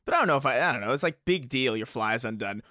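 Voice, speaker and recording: A man's voice: medium pitch, expressive, fast talker, bright, forceful tone, no room sound, studio quality. A man in a casual podcast chat, joking in a laid-back, shrugging way.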